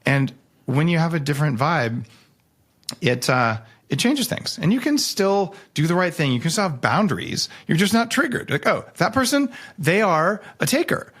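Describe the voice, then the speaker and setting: A man, a guest author on a podcast, talking casually with animated, jokey storytelling and sudden jumps in pitch. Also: moderate pace.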